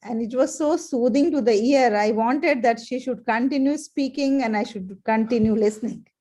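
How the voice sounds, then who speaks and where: A woman hosting a speaking session, gentle and effusive as she hands over to speakers. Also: on the high side, normal speed. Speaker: session host. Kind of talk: moderating a video call.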